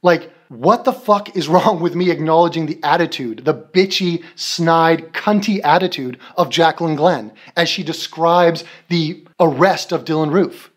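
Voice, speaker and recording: A man's voice: a little high, unhurried, hardly any pauses. A man giving a profane, sarcastic commentary rant, mocking the people he is answering. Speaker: commentary video creator. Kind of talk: ranting commentary.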